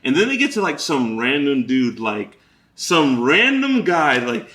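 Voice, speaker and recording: A man's voice: mid-range voice, huge pitch swings, a little slow, a bit bright, roomy sound. A man co-hosting a podcast watch party, telling a story with lots of laughter and acted-out quotes in casual chat. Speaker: podcast co-host.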